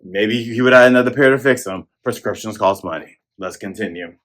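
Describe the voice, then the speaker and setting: A man hosting a casual manga chapter review, animated and jokey, acting out lines as he goes. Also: on the low side, brisk. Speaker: host.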